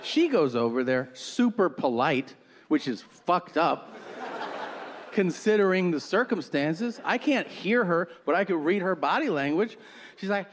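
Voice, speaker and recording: A middle-aged man doing stand-up comedy, telling a story and acting out the other people's lines in quick put-on voices. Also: high voice, expressive, long reverb tail. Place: comedy stage before a live audience. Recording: stage recording with audience noise.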